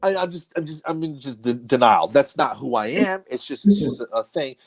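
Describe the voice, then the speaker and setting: A man's voice: medium pitch, animated, fairly quick. Middle-aged male comedian guest, casual storyteller, self-deprecating, laughs through his lines, mid-range voice.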